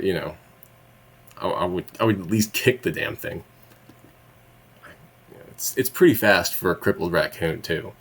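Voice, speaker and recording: A man rambling through a casual vlog monologue, laughing mid-sentence and swearing when annoyed. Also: low voice. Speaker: vlogger.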